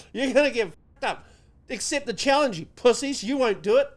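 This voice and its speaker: A man co-hosting a podcast, ranting sarcastically and swearing freely in casual banter. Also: very high voice. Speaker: podcast co-host.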